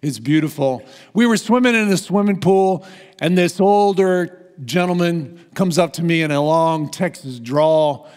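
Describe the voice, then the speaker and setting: American pastor preaching in echoey church. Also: male voice, fairly high pitch, unhurried, darkish tone, clean tone. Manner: storytelling preacher, earnest and emphatic. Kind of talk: sermon. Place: church sanctuary. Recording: long hall reverb in a church.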